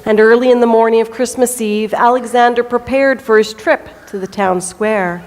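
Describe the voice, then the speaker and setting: A woman's voice: fairly high pitch, fairly even intonation. Woman reading a story in a church. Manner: slow, deliberate storytelling. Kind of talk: reading a children's story aloud. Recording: echoey church hall.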